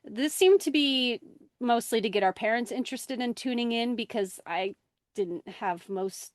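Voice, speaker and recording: A woman co-hosting a podcast in casual chat, telling stories with bursts of excited quoted voices. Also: a little high, measured pace, no room sound. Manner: animated storyteller, jumps into excited quoted voices. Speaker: podcast co-host.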